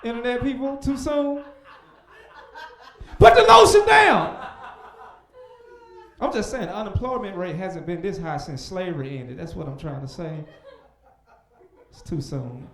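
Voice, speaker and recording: A young man doing a stand-up comedy set on a club stage, animated, breaking into loud shouted voices for punchlines. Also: high-pitched, moderate pace, reverberant.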